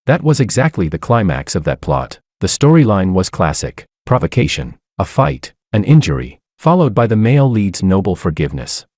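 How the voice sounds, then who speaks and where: Deep-voiced guy reading a story, lively delivery, super dry audio. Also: normal speed, hardly any pauses, no echo. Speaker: narrator. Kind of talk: first-person scripted narration.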